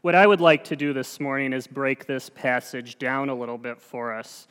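A man's voice: mid-range voice, normal speed, a bit bright, smooth. A man giving a sermon as a lay preacher, earnest and conversational, with a self-deprecating touch. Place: church sanctuary. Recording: long church reverb.

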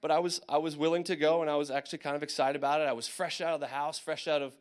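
A young man from Indiana telling a personal story of army service to a gathering, animated, with many fillers and acted asides. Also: on the high side, racing. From Indiana, USA. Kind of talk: personal testimony talk.

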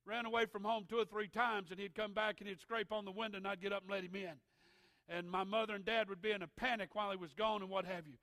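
A middle-aged man preaching a sermon, swinging from shouted preaching to hushed intensity, with a gravelly voice. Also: high-pitched, steady tone, fast, dry recording. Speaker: pastor.

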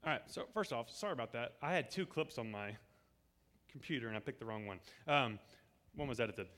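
Male preacher, bright and forceful tone, casual storytelling sermon to a congregation, acts out quotes. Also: mid-range voice, fairly quick. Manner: lively, acts out quoted dialogue. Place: church service before a congregation.

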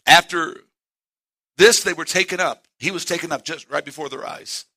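Bright-voiced preaching man. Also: fairly high pitch. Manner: emphatic preaching, quoting scripture with slow stresses. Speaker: pastor. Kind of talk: sermon. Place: church.

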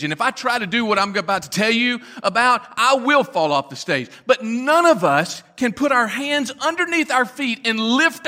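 A man preaching a sermon in a church, telling folksy stories with dramatic pauses. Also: high voice, bright, forceful tone. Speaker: pastor.

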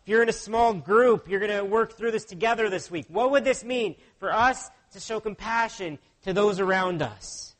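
High-voiced man preaching a sermon. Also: moderate pace, few pauses, fairly bright tone. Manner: earnest, asks the listeners rhetorical questions. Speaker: pastor.

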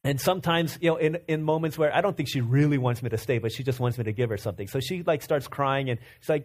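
A man in his thirties preaching a sermon, earnest and repeating himself, dropping to a soft low voice for stories. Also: steady tone, fast, hardly any pauses. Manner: earnest, repeats words and restarts, drops to a soft low voice when telling stories. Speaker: pastor.

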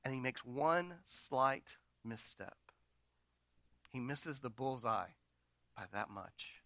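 A man preaching a sermon from slides. He swings between loud, dramatic retellings and quiet, intimate asides to the congregation. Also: medium pitch, animated, takes it slowly, dry recording. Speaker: pastor.

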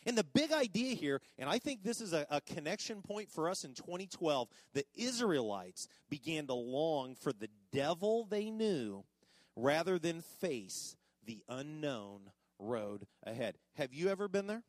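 A man preaching a sermon in church as pastor, swinging from loud emphatic lines to quiet, low endings. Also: very animated, measured pace, no echo. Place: church sanctuary.

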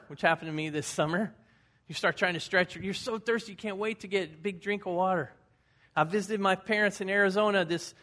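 Folksy high-voiced pastor preaching. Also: male voice, pushed and bright. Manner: folksy, conversational, anecdotal. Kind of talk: sermon.

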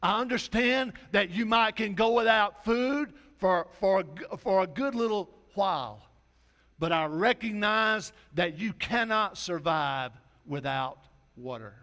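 A man preaching a sermon in a folksy way, dropping his voice low and soft for quoted lines. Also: expressive, unhurried. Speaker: pastor.

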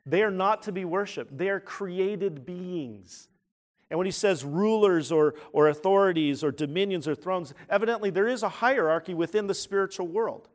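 A man preaching to his congregation in a church, his voice a touch higher than most men's. He leans hard on key words, swelling louder as he drives a point home, and often restarts his phrases mid-thought. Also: normal speed. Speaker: pastor. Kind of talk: sermon.

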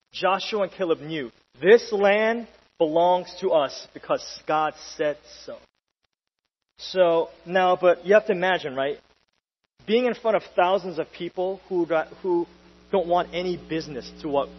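A young man preaching a sermon in a casual, lively way, full of slang and little asides. His voice sits a bit high. It rings with long reverb through the church hall, and the recording is dull with a faint hum underneath. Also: a little slow, husky. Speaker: pastor.

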